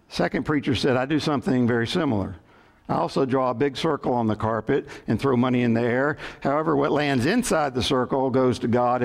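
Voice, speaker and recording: A man preaching a sermon, reading scripture in a measured way and telling light jokes, lifting his voice for the characters in them. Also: medium pitch, gravelly. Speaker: pastor. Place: church sanctuary.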